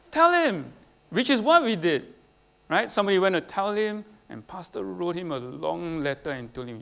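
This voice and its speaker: A man's voice: on the high side, gravelly, fairly bright tone. A man preaching a sermon, putting questions to the congregation and tagging his points with "right?". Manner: asks the congregation questions, tags lines with "right?". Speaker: pastor.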